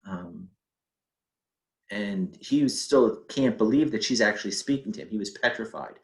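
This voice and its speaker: A man's voice: on the low side, normal speed, vocal fry, low-quality recording. A middle-aged man telling a personal family story in a conversational way, with fillers and quoted speech.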